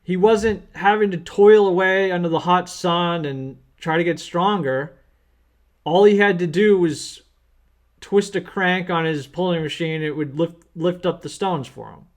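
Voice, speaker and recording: A man's voice: sits high, unhurried. Earnest man teaching with a story. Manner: earnest, plain-spoken explaining. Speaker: accountant teaching small business owners. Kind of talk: storytelling lesson.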